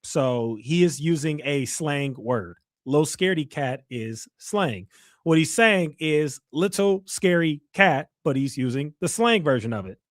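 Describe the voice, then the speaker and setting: A man's voice: fairly high pitch, expressive, measured pace, no room sound, clean studio sound. A man from the United States hosting a casual livestream, reading the chat aloud and teasing and mocking a viewer. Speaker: livestream host.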